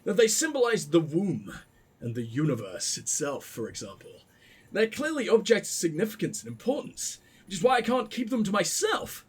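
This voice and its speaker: A man's voice: high-pitched, wildly swooping pitch, moderate pace, slightly rough, exaggerated voice. A man reading as an earnest young novelist's son. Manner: plain reading aloud, little character voice. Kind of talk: reading a game message aloud.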